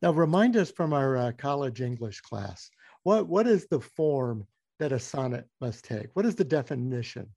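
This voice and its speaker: A man's voice: mid-range voice, very animated, normal speed, creaky, dark tone, dry recording. Friendly male interview host, dry sound. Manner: friendly, guiding questions for listeners. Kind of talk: radio interview.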